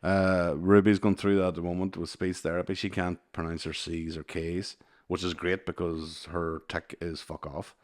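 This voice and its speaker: A man's voice: low voice, flat delivery, normal speed. A Northern Irish man in his thirties telling stories in a casual, sweary chat, laughing often. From Northern Ireland. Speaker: podcast host.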